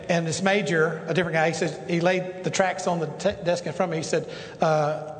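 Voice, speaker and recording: Middle-aged male preacher, folksy and rambling, slightly high voice, sermon in a reverberant sanctuary. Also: quick pace. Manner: folksy, rambling with many restarts and asides. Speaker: pastor. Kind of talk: sermon storytelling. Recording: echoey hall with long reverb, faint noise.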